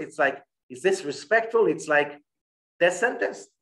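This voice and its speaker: A man giving a Torah class, his voice sitting a little high for a man. He reads Hebrew lines at speed, then slows down to explain them in plain English, with a frequent "okay?" to his listeners. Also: lively intonation. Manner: checks in with listeners by saying "okay?". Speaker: rabbi teaching Kabbalah.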